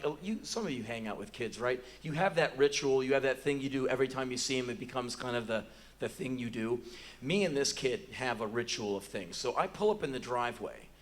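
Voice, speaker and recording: An American man in his forties telling a profane, animated story as live spoken word on a theater stage, bursting into shouts now and then. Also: medium pitch, a little fast. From United States. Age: 40s.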